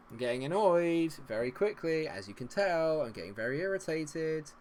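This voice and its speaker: A man's voice: fairly high pitch, lively intonation, fairly quick, hardly any pauses. A man giving live commentary over a football management game, sarcastic and exasperated, swinging between grumbling and cheering. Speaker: gaming streamer.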